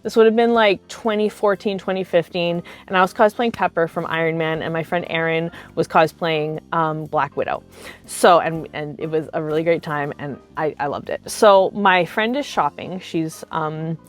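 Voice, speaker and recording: A woman in her thirties tells convention stories to her viewers, casual and animated, leaning on "like" between nearly every phrase. Her voice sits on the lower side for a woman, with soft music playing faintly underneath. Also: normal speed. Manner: chatty, animated, heavy use of filler "like". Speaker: cosplay vlogger. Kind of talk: casual storytime.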